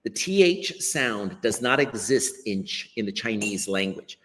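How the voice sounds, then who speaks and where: A man's voice: lowish voice, lively intonation, measured pace, a bit bright, in a large hall. An American man, an ESL teacher, explaining pronunciation encouragingly as a guest on a live-stream video call. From United States. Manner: encouraging, explanatory, acts out quoted remarks. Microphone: laptop webcam on a video call.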